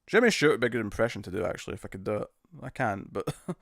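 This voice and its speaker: A man's voice: lowish voice, sing-song, racing, gravelly, a bit bright, dry recording, clean studio sound. Chatty British man on a live stream. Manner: laughing, jokey, attempts bad celebrity impressions. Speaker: streamer host. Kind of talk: casual live-stream chat.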